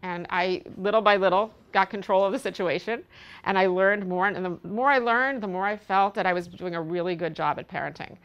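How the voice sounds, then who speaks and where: A woman's voice: mid-range voice, a little fast, fairly bright tone, clear, resonant tone, lo-fi sound. A middle-aged woman, a parenting educator, giving an earnest talk to an audience, telling a personal story with frequent ums. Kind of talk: speaking to an audience at an event.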